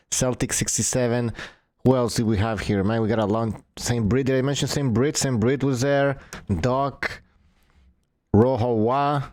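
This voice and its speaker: A man hosting a casual podcast, relaxed and chatty, wrapping up and thanking his chat. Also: mid-range voice, no echo, clean studio sound. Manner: relaxed, reads chat names aloud. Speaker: podcast host.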